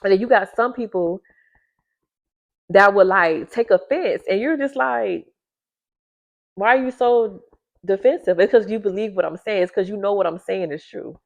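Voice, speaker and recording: A woman talks casually to viewers, repeating herself for emphasis and jumping high in pitch when she gets worked up. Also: normal speed, gravelly, pauses often. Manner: keeps her voice down at first with a sleeping baby nearby. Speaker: vlogger giving a reading to viewers. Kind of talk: casual direct-to-camera talk. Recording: slightly dull lo-fi sound.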